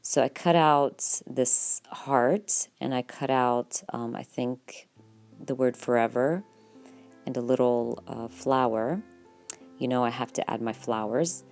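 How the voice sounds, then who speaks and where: A woman vlogger narrating her journaling process in a relaxed, chatty voice-over, full of fillers and quick self-corrections. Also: extremely low pitch.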